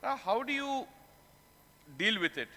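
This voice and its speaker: With a high voice, big pitch swings and an unhurried, pushed, bright delivery, a tax conference speaker lectures in a conference hall with a long reverb tail. He explains terms, raising his own questions and then answering them.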